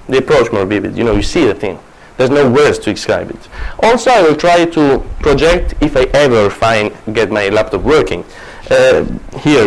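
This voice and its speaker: A man's voice: medium pitch, poor audio. A man with an Italian accent giving a university classics lecture, rambling with many restarts, self-corrections and small laughs.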